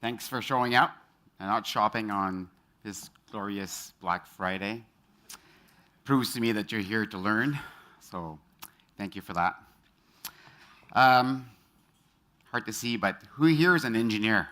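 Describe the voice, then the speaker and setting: A man's voice: lowish voice, bright, forceful tone. A middle-aged man giving a motivational talk on stage, quizzing the audience and telling personal stories. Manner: engages the audience with quick show-of-hands questions; storytelling, personal anecdotes. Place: stage in front of a live audience.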